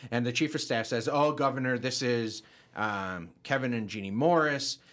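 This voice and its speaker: A middle-aged man on a podcast telling a funny story in casual chat, his voice jumping high when he quotes himself. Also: moderate pace. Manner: animated, voice jumps high when quoting himself. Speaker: podcast co-host.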